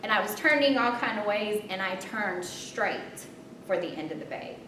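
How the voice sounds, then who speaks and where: A woman telling a personal story in an animated, self-mocking way, with dramatic pauses. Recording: roomy distant mic with rumble.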